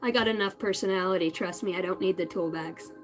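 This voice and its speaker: A woman's voice: on the low side, fast talker, soft background music, rough recording. A woman in her thirties hosting a tarot reading livestream, chatting casually and bluntly with viewers and swearing freely. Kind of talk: casual live-stream chat.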